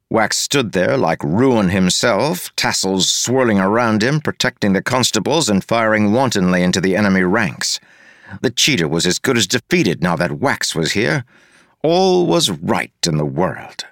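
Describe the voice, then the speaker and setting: Expressive low-voiced male narrator. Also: moderate pace, no echo, studio quality. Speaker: audiobook narrator. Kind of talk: scripted audiobook narration.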